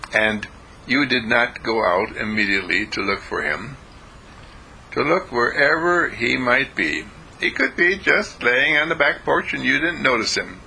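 A man giving a short daily inspirational talk as a university dean, telling a story, often chuckling and clearing his throat. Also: medium pitch, pushed and bright, a little hiss or hum, low-quality recording.

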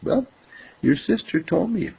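A man voicing a sweet five-year-old girl who whispers secrets, in a soft hushed whispered role-play on a dull lo-fi recording. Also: high voice, lively intonation, measured pace, vocal fry, husky, pitched above the performer's own voice, full character voice. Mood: tender whisper.

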